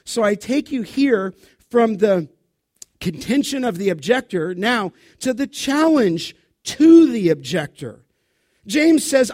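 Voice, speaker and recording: A man's voice: sits high, big pitch swings, takes it slowly, a little mellow, dry recording, studio quality. A man preaching an expository sermon from the pulpit as pastor, intense and emphatic, speaking straight to his congregation. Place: church sanctuary.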